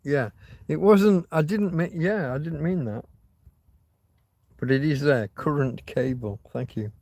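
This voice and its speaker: A man's voice: on the high side, measured pace, darkish tone, no echo. A man hosting a casual livestream, rambling, swearing freely and reading out viewer comments. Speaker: livestream host.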